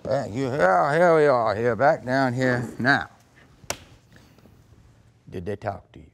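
A man hosting a prank courtroom, improvising as a mock-stern judge. He sits at a middle pitch and hammers the same lines again and again. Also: animated, slow pace, creaky, a little hiss or hum. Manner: mock-stern, repeats himself insistently.

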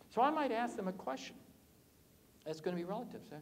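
A man giving an energetic conference keynote on sales, joking with the audience and swinging his voice up and down for effect. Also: fast talker, slight background noise. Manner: animated, swoops pitch up and down, jokes with audience. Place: conference hall.

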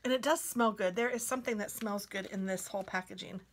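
A woman craft vlogger chatting casually as she unboxes mail, gushing sweetly and sometimes dropping to a soft whisper. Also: mid-range voice, fast talker.

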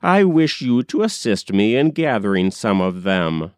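A man's voice: lowish voice, very animated, a little slow, darkish tone, clean tone, dry recording. A man reading aloud and voicing a wicked, scheming old male magician in a crafty, coaxing way, in a dry recording. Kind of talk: audiobook character reading.

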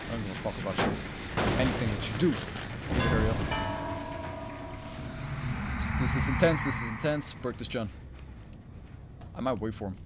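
A man giving live gameplay commentary, muttering under his breath and then yelling profane taunts at other players. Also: normal speed, long pauses, heavy background noise. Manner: mutters low, then bursts into loud taunting yells; profane, trash-talking. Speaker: gaming YouTuber.

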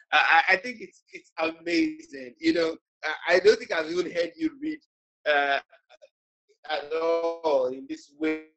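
A man hosting an online book discussion, halting and repeating words as he reads out audience comments. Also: fairly high pitch, fairly bright tone, husky, rough recording. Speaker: host and moderator.

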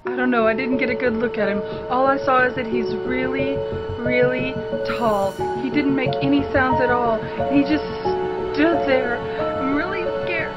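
A woman's voice: a little high, lively intonation, unhurried, dull audio. A woman playing a frightened caller phoning police dispatch, panicky and stammering. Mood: scared. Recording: loud background music.

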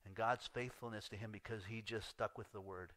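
Earnest bright-voiced male pastor. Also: lowish voice, steady tone, a little fast, no echo. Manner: earnest, swings between loud emphasis and hushed asides. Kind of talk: sermon.

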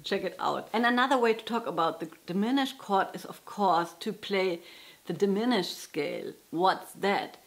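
A woman's voice: medium pitch, moderate pace. A woman giving a casual guitar lesson, chatty and often breaking off to correct herself. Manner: chatty, self-interrupting, laughs at herself. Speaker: guitar teacher. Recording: loud guitar playing behind. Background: guitar playing.

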